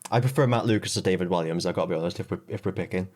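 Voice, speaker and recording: A man's voice: deep voice, rapid-fire, darkish tone. A man co-hosting a podcast, rambling in a wry, joking way and laughing at his own jokes. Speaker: podcast co-host. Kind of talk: casual comedic chat.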